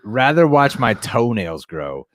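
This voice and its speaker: A man's voice: mid-range voice, very animated, takes it slowly, a bit bright, no room sound. A young man co-hosting a casual livestream, reading viewer chats, laughing often and restarting his sentences.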